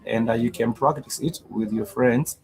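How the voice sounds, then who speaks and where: Gravelly-voiced man teaching a language. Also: medium pitch, a little mellow, rough recording. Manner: patient, repeats words and syllables slowly. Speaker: Swahili teacher. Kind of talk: live-streamed language lesson.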